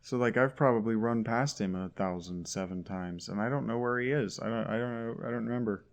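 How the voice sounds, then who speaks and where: With a medium-pitched voice and a brisk delivery, a man grumbles sarcastically through a video game. He's a gaming YouTuber doing casual let's-play commentary.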